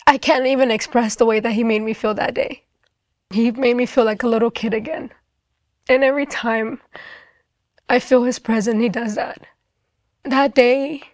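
A woman's voice: on the high side, dry recording, clean studio sound. Earnest young woman sharing a testimony. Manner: earnest, reflective storytelling with quoted dialogue. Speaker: testimony speaker. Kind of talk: personal faith testimony.

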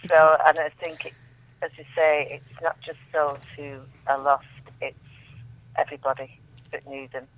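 A woman, a guest on a call-in show, reading her poems aloud in a slow, solemn recital with soft, falling line endings. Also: deep voice, level tone. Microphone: telephone. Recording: tinny phone line, dry.

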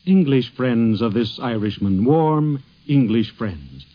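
A man's voice: medium pitch, sing-song. Brief: male narrator, formal scripted documentary voice, dull lo-fi sound. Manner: measured, formal delivery. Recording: dull lo-fi recording.

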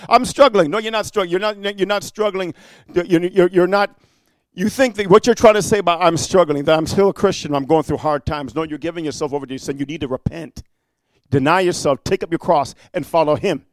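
High-voiced man preaching a fiery sermon. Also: fairly quick, no room sound. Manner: punchy rhetorical questions, repeated "amen" and "huh"; swings from quiet storytelling to loud rebuke.

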